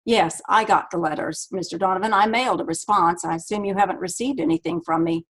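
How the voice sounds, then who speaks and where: A woman's voice: fairly low pitch, a little fast, husky. A woman voicing a weary, curt woman in a storybook reading, with clipped, dismissive replies.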